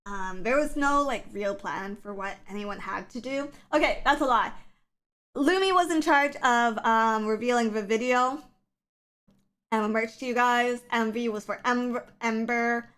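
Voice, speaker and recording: A woman's voice: a little high, a little slow, a bit bright. A woman streamer chatting casually on a livestream, rambling with lots of fillers, her voice scratchy from the early morning.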